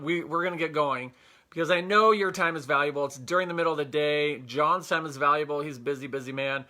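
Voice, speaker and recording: Young male livestream host, bright and forceful tone, slightly high voice, upbeat and chatty, earpiece mic. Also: fairly quick. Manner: upbeat, greets viewers by name, many fillers. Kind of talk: casual livestream chat. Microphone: Bluetooth earpiece.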